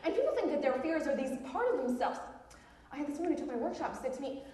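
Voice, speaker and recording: An actress playing a brash, pushy self-help author on a theatre stage, talking with giggly, nervous laughs. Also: female voice, sits high, very animated, quick pace, mellow. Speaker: self-help author giving a book talk. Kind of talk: live stage theatre monologue. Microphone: far room mic in the audience. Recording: echoey, distant theatre hall recording.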